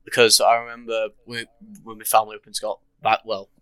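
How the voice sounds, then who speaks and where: A laid-back young man chatting as a podcast co-host, slangy and prone to trailing off mid-sentence. His tone is bright, and the sound is dry and close. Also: lowish voice, level tone, brisk, clear, resonant tone, no room sound. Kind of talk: casual chat.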